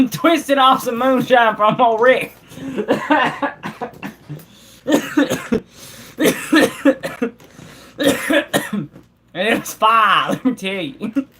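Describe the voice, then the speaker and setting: A live streamer putting on the voice of a rowdy old country man who tells a moonshine story in a slow, chuckling drawl. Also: medium pitch, lively intonation, sharp tone, a little hiss or hum, pitched above the performer's own voice, heavily acted. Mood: boastful.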